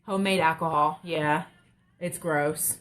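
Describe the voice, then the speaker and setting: Chatty woman, lowish voice. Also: steady tone, measured pace, a bit bright. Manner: rambling, chatty, self-mocking humor. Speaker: craft livestream host. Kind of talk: casual live chat while crafting. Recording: faint background noise.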